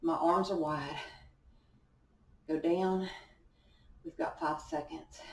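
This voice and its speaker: With a low, gravelly voice and a steady tone, this young woman takes her time as she guides a workout at home. She's a fitness instructor who exercises alongside the class and offers supportive cues. A camera mic placed far off captures an echoing room and a bit of hiss or hum.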